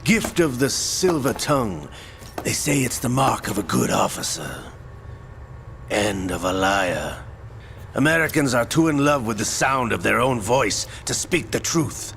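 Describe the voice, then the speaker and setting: An actor playing a cunning older mercenary in a video game cutscene, speaking in sneering, theatrical pronouncements. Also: male voice, mid-range voice, very animated, unhurried, creaky, a bit bright, slight background noise, heavily acted. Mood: scornful. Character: cunning older male mercenary, cold and mocking. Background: game score music.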